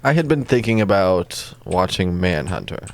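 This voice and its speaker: A man's voice: low-pitched, sing-song, normal speed, vocal fry, no room sound. A man co-hosting a podcast, chatting casually with dry jokes over a game being played. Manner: dry, joking, tangent-prone. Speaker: podcast co-host. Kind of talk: casual chat over gameplay.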